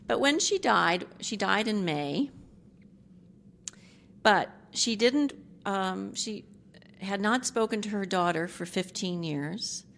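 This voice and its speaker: A woman's voice: medium pitch, expressive, takes it slowly, vocal fry, long pauses, a bit bright, slight background noise. A middle-aged woman giving a personal testimony as a speaker at a recovery group meeting, candid and rambling with frequent asides and self-deprecating humor.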